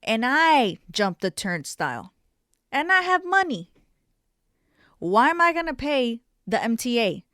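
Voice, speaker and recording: A man's voice: extremely high pitch, very animated, a little slow, sharp tone, clean tone, no room sound, clean studio sound, voice pushed up, heavily acted. Woman doing an indignant man in his fifties. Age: 50s. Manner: indignant, swearing. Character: angry older man ranting at the transit system.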